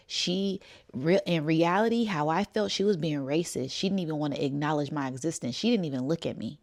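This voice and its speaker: Low-pitched lady telling a story casually, talks to her viewers, does all the voices. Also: moderate pace. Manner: animated storyteller, acts out dialogue, laughs often. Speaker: spiritual channel host.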